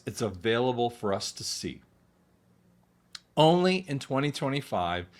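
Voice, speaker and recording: Rambling man commentating to camera. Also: mid-range voice. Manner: rambling, repeats words and restarts, clears throat often. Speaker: audiologist and online commentator. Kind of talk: casual monologue commentary.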